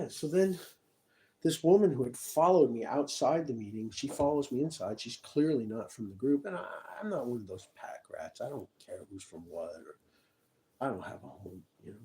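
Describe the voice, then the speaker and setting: Mellow-voiced man rambling to camera. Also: medium pitch, lively intonation, normal speed, a little hiss or hum, poor audio. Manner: meandering, talks to the viewer with many asides. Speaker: vlogger. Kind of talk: rambling personal monologue to camera.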